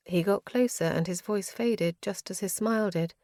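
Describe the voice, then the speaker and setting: A woman's voice: mid-range voice, normal speed, hardly any pauses, warm tone, no room sound. Female fantasy audiobook narrator, earnest, grief-laden, dry close mic.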